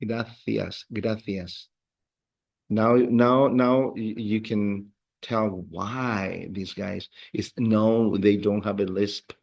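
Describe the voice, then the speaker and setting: A man teaching a Spanish class to adult students in a classroom. He explains with halting repeated words and teases his students in a playful way. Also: on the low side, fairly even intonation, vocal fry, a little mellow, lo-fi sound. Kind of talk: classroom language lesson.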